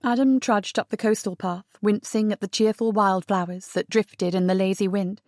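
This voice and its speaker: A woman reading an audiobook romance as narrator, telling the story in an even, intimate way. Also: mid-range voice, moderate pace, no room sound, clean studio sound. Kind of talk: scripted narration.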